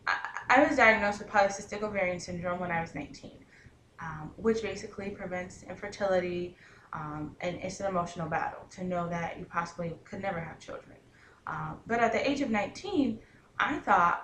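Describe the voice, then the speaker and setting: A woman in her twenties giving an earnest personal testimony, pausing often with ums and restarting her sentences. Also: lowish voice, fairly bright tone. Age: 20s. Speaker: testimonial speaker. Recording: roomy with faint background hiss.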